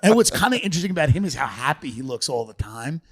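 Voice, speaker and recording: A man in casual comedic podcast chat, animated and riffing, laughing often. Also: on the high side, fast talker, crowd noise. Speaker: podcast guest or co-host.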